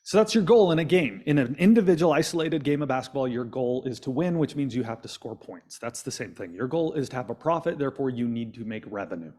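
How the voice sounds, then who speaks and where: A man's voice: mid-range voice, fast talker, few pauses. Guy running a business coaching call, upbeat, keeps quizzing folks. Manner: energetic, quizzes the audience. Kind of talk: coaching session on a video call.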